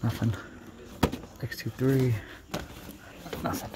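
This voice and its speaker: A man who collects toys, giving casual running commentary with quick, blunt verdicts and casual swearing while shopping in a toy store. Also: mid-range voice, level tone. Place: busy toy store, indoors. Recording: crowded store noise behind.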